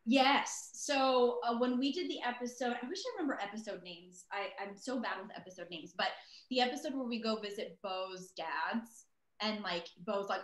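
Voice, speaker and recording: A woman's voice: a little high, moderate pace, fairly bright tone. A woman in her thirties, a voice actress guest, chatting casually over a video call with lots of fillers and self-deprecating asides. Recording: roomy echo.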